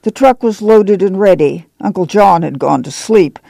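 A man with a gravelly voice reading a novel aloud as an audiobook narrator. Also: high-pitched, moderate pace, dark tone, no echo. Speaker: audiobook reader. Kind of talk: scripted narration with character voices.

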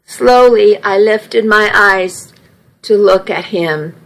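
A woman reads a first-person romance audiobook at an unhurried pace, letting each sentence settle. Her pitch sits in a middle range and her delivery stays measured and even. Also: rough recording. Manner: slow, measured reading. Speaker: audiobook narrator.

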